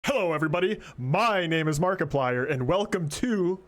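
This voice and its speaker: A man on a livestream doing an impression of a male video host's intro, a little deeper and slower than his own voice, like an announcer. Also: animated, natural voice. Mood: mock-announcing.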